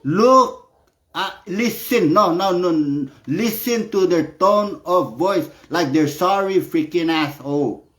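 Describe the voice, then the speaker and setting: A man's voice: high-pitched, a bit bright. A man delivering a heated, profane political rant, peppering his speech with "no" as a filler. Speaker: political commentator. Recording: echoey room.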